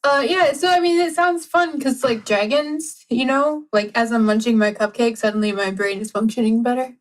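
Excitable jokey woman player, kinda high voice. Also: rough recording. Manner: excitable, joking, rapid-fire. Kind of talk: casual chat at a tabletop game.

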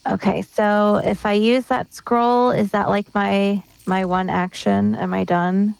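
A woman playing a tabletop role-playing game, asking about the rules in a casual, unhurried way. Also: medium pitch, flat delivery, gravelly, darkish tone, clear, resonant tone, no room sound, poor audio. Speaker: player.

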